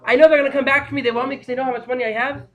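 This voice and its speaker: A frightened villager pleads in a rushed, high voice, as a man acts him out in a story. His words tumble out quickly. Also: flat delivery. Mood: pleading.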